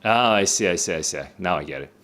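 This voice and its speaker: A man's voice: low voice, animated, fast, a bit bright. A young man streaming a live read-along of a play, thinking aloud with many fillers and restarts.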